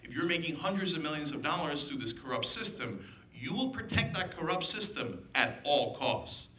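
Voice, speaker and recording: A man's voice: fairly high pitch, big pitch swings, moderate pace, pushed and bright. A man, giving an impassioned public speech and firing off sarcastic rhetorical questions. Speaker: political commentator giving a speech. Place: event hall with audience.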